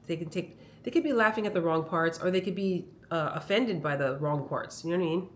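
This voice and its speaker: Briskly and with a voice on the low side, a comedian vlogger talks to her phone camera at home. Her casual monologue rambles through chatty, animated stories, and there's slight background noise.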